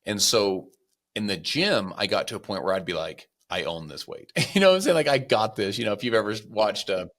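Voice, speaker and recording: A man who is a podcast guest, telling motivational stories and acting out the people he quotes with lively voices. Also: fairly low pitch, fairly quick. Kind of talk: motivational storytelling.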